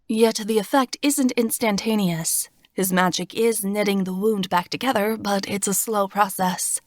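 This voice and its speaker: A woman reading a first-person fantasy audiobook in a steady, expressive storytelling voice, recorded on a close studio mic. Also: medium pitch, measured pace, dry recording. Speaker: audiobook narrator.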